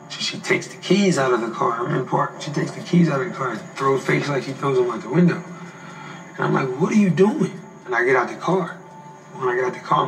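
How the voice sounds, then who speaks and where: A man's voice: mid-range voice, gravelly, a bit bright, roomy sound, recorded from a distance, low-quality recording. A man giving a documentary interview, telling a story in casual slangy speech.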